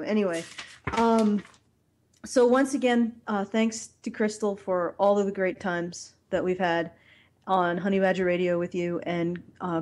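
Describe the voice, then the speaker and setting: A woman hosting a casual podcast chat, talking in a rambling, halting way with many fillers and restarts. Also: mid-range voice, a little mellow. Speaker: podcast host.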